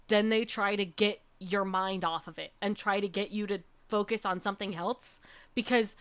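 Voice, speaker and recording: A young woman VTuber telling a story in a casual, animated way, laughing often and checking in with "okay?". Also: mid-range voice, clean tone. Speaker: VTuber streamer.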